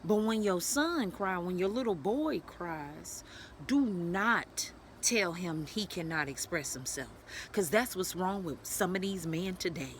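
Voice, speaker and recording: A woman's voice: fairly low pitch, animated, measured pace, a little hiss or hum. A woman telling a personal story to the camera, speaking bluntly with plenty of profanity and urging other women directly. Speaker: vlogger sharing a personal story. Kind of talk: candid storytelling vlog.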